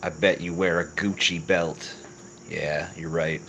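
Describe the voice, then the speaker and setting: A man hosting a livestream and answering chat, with profane, mocking, deadpan replies. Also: sits low, unhurried, slight background noise, low-quality recording. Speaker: livestream host reading chat. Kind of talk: crude, sarcastic livestream chat.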